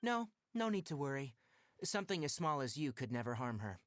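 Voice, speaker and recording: A man voicing a calm, blunt adult male forest watcher who mentors young trainees in a video game. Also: mid-range voice, dry recording, soft background music. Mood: concerned. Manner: measured, dry, matter-of-fact.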